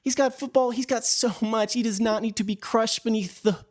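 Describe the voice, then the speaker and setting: A worried middle-aged father pleads in a strained, halting voice, as a man puts him on. His voice is pitched above the speaker's own and keeps breaking into restarts. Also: fairly even intonation. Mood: pleading.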